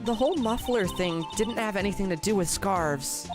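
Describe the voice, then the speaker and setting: A man voicing an earnest young woman investigator in a strained falsetto while reading a video game aloud. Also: moderate pace, lightly acted. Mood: puzzled. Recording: game music playing behind.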